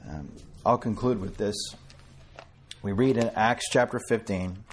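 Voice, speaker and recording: A man preaching an earnest sermon to a small congregation, quoting scripture and slowing down to stress key words. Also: on the low side, slight background noise. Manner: quotes King James scripture with a chuckle between.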